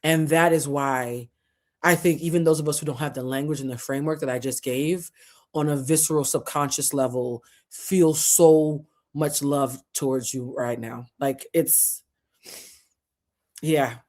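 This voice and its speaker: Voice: mid-range voice, fairly even intonation, unhurried, darkish tone. Show host, passionate commentary, profane, emotional, close to tears, repetitive preaching cadence. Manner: fiery, profane, preachy, repeats phrases for emphasis. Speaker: host of a culture and tarot channel. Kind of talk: impassioned commentary to camera.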